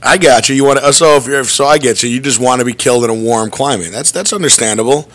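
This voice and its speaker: Man, podcast host, casual chat, jokey, lively, mid-pitched voice. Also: quick pace. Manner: jokey, lively, full of pop-culture riffs.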